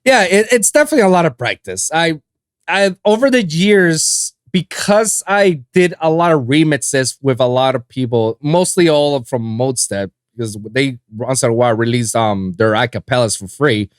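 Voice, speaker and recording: A man hosting a casual podcast chat, animated and swearing freely, with lots of fillers. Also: mid-range voice, moderate pace, smooth, dry recording, studio quality. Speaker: podcast host.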